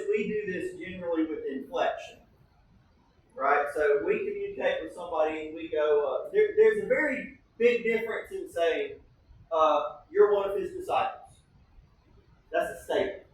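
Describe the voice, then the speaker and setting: A man's voice: sits high, very echoey, recorded from a distance, slight background noise, low-quality recording. A man preaching a sermon as pastor, teaching in a conversational way and often checking in with the congregation. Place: church sanctuary.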